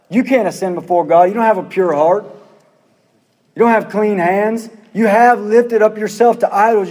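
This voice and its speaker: Male pastor, high-pitched, earnest sermon delivery with repeated rhetorical questions; long hall reverb. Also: a little mellow.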